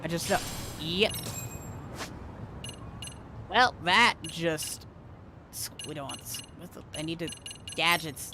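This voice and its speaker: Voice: mid-range voice, takes it slowly, pauses often, noisy background. A streamer casually reading video game dialogue aloud, with wry asides.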